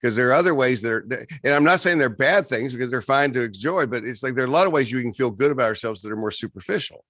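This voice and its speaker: A man talking through his ideas in a relaxed, reflective conversation. He stops and restarts often and doubles up his words as he searches for them. The sound is close and dry, with no room echo. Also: mid-range voice. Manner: halting, many restarts and repeated words. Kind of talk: casual conversation.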